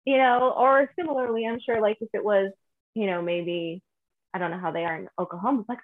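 A woman from northern New Mexico chatting casually, rambling with many restarts and lively quoting. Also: medium pitch, a little fast. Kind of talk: casual conversation. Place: home in Santa Fe. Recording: phone-like video call audio.

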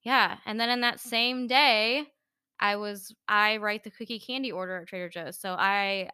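A woman's voice: mid-range voice, pushed and bright, smooth, dry recording, clean studio sound. A young woman co-hosting a podcast, telling a story in casual chat with lots of fillers. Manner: chatty storyteller, many fillers. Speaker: podcast co-host.

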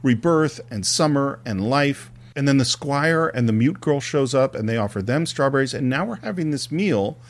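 A man's voice: mid-range voice, expressive, normal speed, hardly any pauses. A man co-hosting a film podcast, retelling scenes and acting out bits of dialogue in casual discussion.

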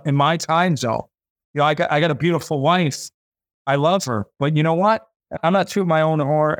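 A man's voice: a little high, no room sound. A man hosting a podcast, giving an impassioned faith talk in a fervent, preachy way, repeating himself and voicing imagined listeners.

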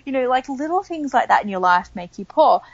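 A woman talking as a money coach in a casual chat, telling lively stories and acting out the voices of the people in them. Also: high voice, a little fast, no room sound, highs cut off. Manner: animated storyteller, acts out quoted voices. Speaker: money coach, podcast guest.

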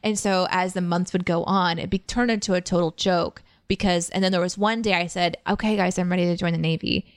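Woman, lowish voice, chatty and joking, dry close sound. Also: fairly even intonation, brisk, few pauses, clear, resonant tone, dry recording. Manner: chatty, joking, laughs easily. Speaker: podcast co-host. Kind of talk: casual chat.

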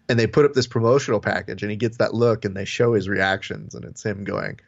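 Male podcast co-host, gravelly, animated, dull dry recording. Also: fairly quick, hardly any pauses, dry recording. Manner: animated, acts out quotes with falsetto and whispers. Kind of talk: casual chat.

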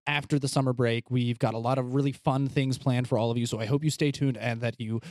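A man hosting a tabletop game podcast, narrating the scene for his players in an easygoing way with frequent filler pauses. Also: mid-range voice, fairly even intonation, darkish tone, no echo, clean studio sound. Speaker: game master and podcast host.

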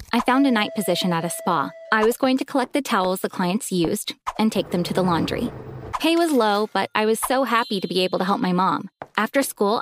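A woman telling a first-person story in an expressive, dramatic scripted narration. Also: mid-range voice, slight background noise.

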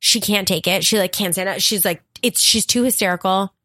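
On a comedy podcast, a female guest tells a story casually and with animation, acting out quotes and laughing a lot. Her pitch is medium, her pace brisk, and there's no echo.

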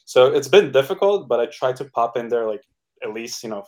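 A relaxed man chatting on a podcast at a medium pitch. He sounds upbeat and easygoing, with many fillers scattered through his speech. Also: fairly quick. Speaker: NFT project co-founder guest. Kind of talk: casual podcast interview.

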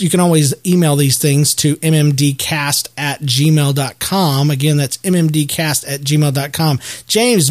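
A man in his thirties hosts a casual solo podcast in a slightly high voice. He rambles, restarts his sentences and jokes at his own expense. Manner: rambling, self-deprecating, many restarts. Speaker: podcast host.

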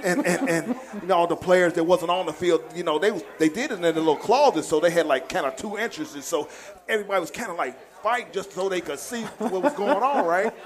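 A man with a fairly high voice tells old locker-room stories in a loose, casual chat. He laughs often through his words. He slips into a coach's shouting when he quotes him. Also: a little fast. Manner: animated storyteller, laughs often, acts out a coach's outbursts. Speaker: former football player guest.

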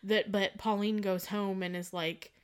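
A woman co-hosting a film podcast in casual chat, playful, often acting out quoted lines in a flat whisper. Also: mid-range voice, unhurried, clean tone. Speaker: podcast co-host.

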